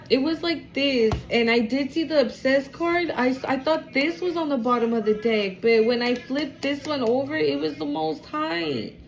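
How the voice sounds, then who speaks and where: A tarot card reader gives a casual reading to camera, animated and expressive, swearing freely and talking aloud to spirit. Her voice is high-pitched.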